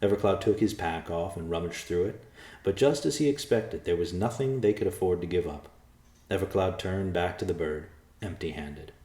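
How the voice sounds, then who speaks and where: A man narrating a storybook chapter with a steady, expressive reading. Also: deep voice, moderate pace, roomy sound. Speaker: audiobook narrator.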